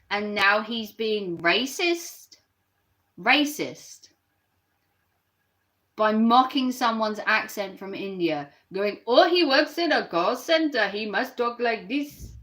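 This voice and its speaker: A woman's voice: medium pitch, fairly bright tone. A woman ranting on a live stream and reacting to her chat, sarcastic and mocking.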